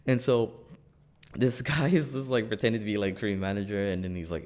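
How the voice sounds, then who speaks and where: Lively young man telling funny stories. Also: fairly low pitch, a little fast. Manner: animated storytelling, laughs often, acts out quoted voices. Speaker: podcast co-host. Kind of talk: casual podcast chat. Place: studio.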